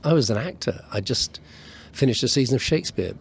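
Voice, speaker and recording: A man, now a politician and once an actor turned DJ, recalling his time on the ship in a measured, wry way. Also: medium pitch, lively intonation, gravelly, a little hiss or hum. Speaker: politician and former DJ. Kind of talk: reminiscing interview.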